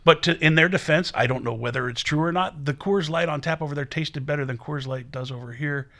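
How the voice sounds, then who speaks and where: A man's voice: on the high side, fairly quick, bright, forceful tone. A man co-hosting a podcast, rambling through opinions in casual chat. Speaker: podcast co-host.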